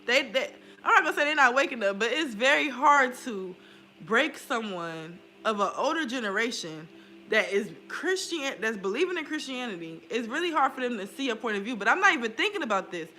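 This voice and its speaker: Candid young woman with a bright voice. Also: on the high side, fairly quick, a little hiss or hum. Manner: candid and animated, swears freely, laughs often. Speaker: spiritual vlogger. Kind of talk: casual confessional chat.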